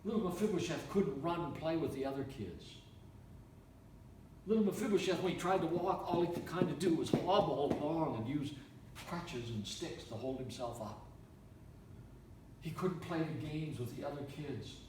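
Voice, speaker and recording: A man from Canada, a preacher telling a story in a sermon with animated, repetitive delivery. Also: on the high side, normal speed, slight background noise. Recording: echoey room, mic from far off.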